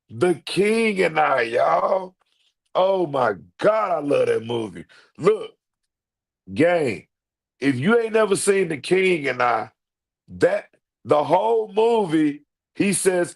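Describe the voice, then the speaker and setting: A middle-aged man hosting a live stream, talking straight to his chat in an animated, repetitive way and swearing freely. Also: on the high side, a little slow, gravelly. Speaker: livestream host.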